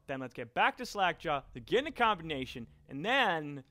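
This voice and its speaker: Bright, excitable young gaming commentator man. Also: fairly high pitch, moderate pace. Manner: excitable and sweary, yelling when caught. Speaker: let's play commentator. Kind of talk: casual gameplay commentary.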